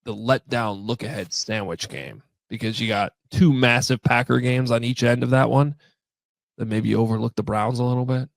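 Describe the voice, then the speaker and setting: A man co-hosts a sports podcast with a gravelly voice, recorded close and dry. He talks in a chatty, loose way with lots of fillers. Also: medium pitch, steady tone, normal speed, dry recording. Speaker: podcast co-host. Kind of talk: casual podcast chat.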